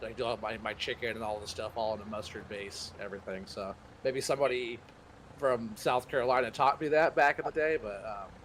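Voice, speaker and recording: A man's voice: medium pitch, brisk, a bit bright, a little hiss or hum. A man joining a game stream as a guest, chatting in a laid-back, rambling way. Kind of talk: casual chat.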